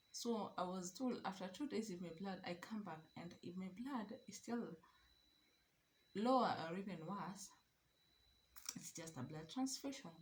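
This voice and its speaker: A young Kenyan woman telling her own story to camera in an animated, emphatic way, slipping Swahili phrases into her speech. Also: lowish voice, slight background noise. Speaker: vlogger.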